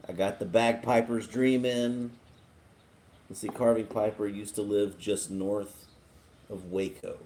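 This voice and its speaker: A relaxed man from Texas hosts a casual live stream, answering viewer comments at an unhurried pace. He rambles easily and chuckles along as he talks. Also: on the low side, slight background noise. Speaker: livestream host.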